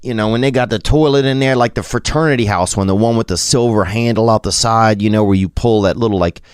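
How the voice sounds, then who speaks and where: A man's voice: fairly low pitch, fast, clean tone, dry recording, studio quality. Rambling Southern man telling a story. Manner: drawling, meandering, self-deprecating, trails off.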